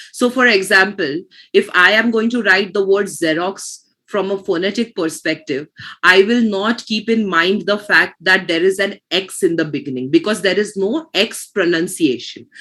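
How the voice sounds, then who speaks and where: A woman's voice: medium pitch, a bit bright. A woman teaching pronunciation in an online class, explaining patiently and restarting her phrases.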